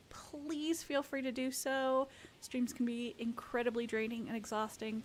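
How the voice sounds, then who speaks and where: A young woman streaming live, chatting casually with viewers, bubbly and talkative with loud exclamations. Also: on the high side, a little hiss or hum. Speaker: VTuber streamer.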